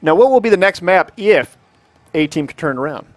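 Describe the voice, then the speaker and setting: A man calling live esports play-by-play, excitable and jokey, reading viewer chat aloud between plays. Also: high voice, fairly quick. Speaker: esports commentator.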